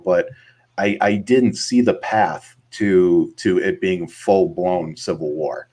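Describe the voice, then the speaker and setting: A man's voice: sits low, moderate pace, darkish tone. A man co-hosting a casual political chat show, talking earnestly and rambling with many fillers. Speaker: podcast co-host.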